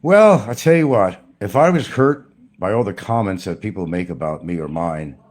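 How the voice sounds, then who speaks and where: A man's voice: sits low, lively intonation, normal speed, darkish tone. A man delivering a blunt, profane, preachy rant as a YouTuber. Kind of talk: ranting monologue to camera.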